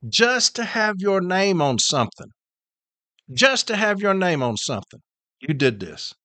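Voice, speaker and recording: A man's voice: high voice, big pitch swings, a little slow, sharp tone, no room sound. A middle-aged man, hosting a podcast and launching into an angry, profane, repetitive rant. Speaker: podcast host.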